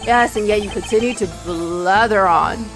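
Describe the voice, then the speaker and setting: A woman voicing a composed, formal male prosecutor in a lowered, measured voice over game music. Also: natural voice.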